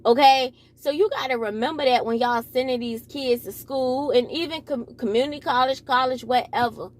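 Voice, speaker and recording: Young adult woman, slight speech impediment; rambling, self-correcting commentary, a bit high-pitched. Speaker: commentary vlogger. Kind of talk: casual commentary monologue.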